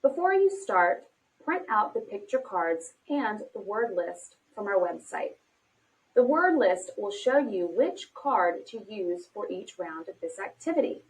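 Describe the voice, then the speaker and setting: Woman narrator, bright animated delivery, encouraging and clear, recorded a bit off-mic. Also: mid-range voice. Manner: slow, clearly paced, encouraging teacher talk. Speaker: instructional video narrator. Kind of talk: scripted instructional narration. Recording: distant from the mic.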